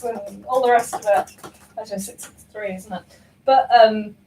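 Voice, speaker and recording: A woman's voice: mid-range voice, normal speed, vocal fry, darkish tone. A young woman chatting casually while baking at home, rambling and self-mocking with lots of ums and laughs. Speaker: baking vlogger. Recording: roomy kitchen, voice from far off.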